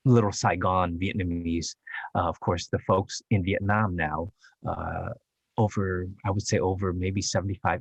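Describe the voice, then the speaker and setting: A man who is an actor, speaking English as a later language, chatting as a podcast guest in a rambling, halting way with frequent laughs. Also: low-pitched, slightly rough, dry recording. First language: Chinese dialect. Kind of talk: casual interview chat.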